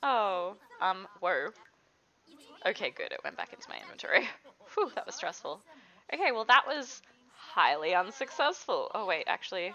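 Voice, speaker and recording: A woman's voice: mid-range voice, very animated, normal speed, sharp tone, dull audio. A young woman chatting casually through a life-sim game, giggling and talking to her characters as she plays. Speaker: gaming video host. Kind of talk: casual let's-play commentary.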